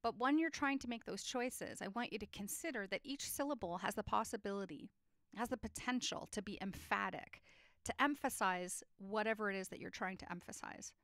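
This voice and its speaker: A woman teaching a lesson on poetry structure, explaining clearly and reading poems aloud with feeling. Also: mid-range voice, brisk, fairly bright tone, dry recording, studio quality.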